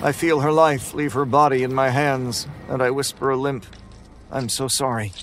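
A man narrating a first-person horror story in a flat, weary, grim manner. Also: medium pitch, moderate pace, a little hiss or hum.

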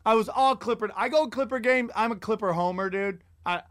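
A man's voice: high-pitched, brisk, dry recording, clean studio sound. A man hosting a podcast, rambling and profane in a casual comedic rant. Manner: rambling, profane, animated storytelling. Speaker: podcast host.

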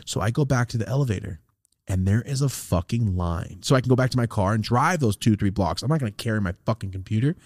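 A man hosting a podcast, telling a long rambling story in a casual, profane, animated way. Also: lowish voice, fast, no room sound, clean studio sound. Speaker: podcast host.

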